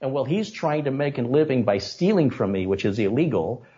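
A man being interviewed on a podcast, telling stories and making animated, opinionated points. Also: mid-range voice, a little fast, lo-fi sound. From United States. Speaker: guest, tech video maker.

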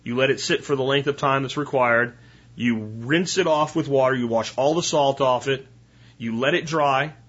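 Husky man giving casual cooking tips. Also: mid-range voice, normal speed, fairly bright tone, muffled recording. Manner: chatty, instructional, with frequent "right?" asides. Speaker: podcast host. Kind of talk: casual solo podcast talk.

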